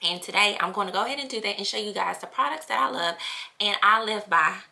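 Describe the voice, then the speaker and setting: A woman vlogging at home in a chatty, lively way, full of slang and casual fillers. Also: mid-range voice, fast talker, gravelly. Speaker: family channel vlogger. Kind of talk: casual chat vlog.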